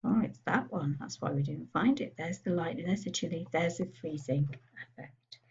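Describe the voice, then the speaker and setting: Dark-voiced woman tutoring software. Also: sits low, normal speed, gravelly, slightly rough, highs cut off. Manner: chatty, thinking aloud while clicking through menus. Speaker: computer skills tutor. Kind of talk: screen-recorded software tutorial.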